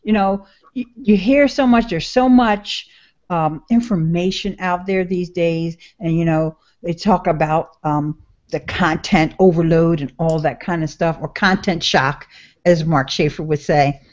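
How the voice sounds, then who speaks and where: A woman's voice: lowish voice, measured pace, a little mellow. An upbeat woman who laughs easily, speaking as a guest on a casual video-call chat. Her voice sounds somewhat dull and lo-fi through the call. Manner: upbeat, giggly. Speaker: guest blogger.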